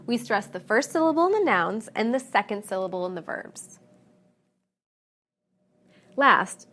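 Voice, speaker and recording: A woman with a North American accent narrating a scripted pronunciation lesson, saying each example word slowly and with clear stress. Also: a little high, fairly bright tone. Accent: North American English. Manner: slow, careful, stresses example words. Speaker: English pronunciation teacher.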